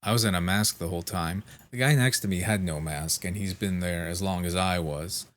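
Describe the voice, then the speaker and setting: A man's voice: low voice, a little fast, fairly bright tone. A sleep-deprived man vlogging, telling a rambling story in casual chat, swearing freely and restarting his sentences.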